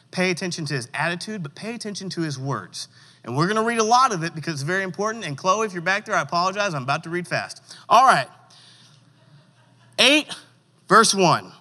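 A man with a high, bright voice preaches to a room of teenagers in a church hall, pressing them to answer out loud. He slows right down to lean into the scripture he reads. A long reverb trails behind every word. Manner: interactive, coaxing audience responses; reads scripture with slow emphasis. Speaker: youth pastor. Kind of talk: sermon.

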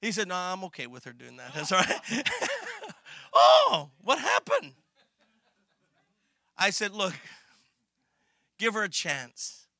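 A man's voice: sits high, moderate pace, creaky, dry recording, clean studio sound. A middle-aged male pastor preaching a sermon, telling a story animatedly and acting out the dialogue. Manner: animated storytelling, acts out dialogue, laughs, gets loud and emotional.

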